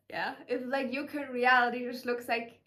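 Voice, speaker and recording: Gushing, higher-voiced woman channeler. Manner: gushing and filler-heavy, warmly emotional. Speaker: spiritual channeler. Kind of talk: casual spiritual message vlog.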